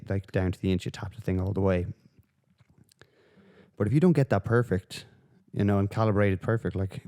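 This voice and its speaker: Here a man's voice sits on the low side with a warm tone. Hosting a podcast alone, he meanders through offhand remarks, cursing and dropping fillers constantly.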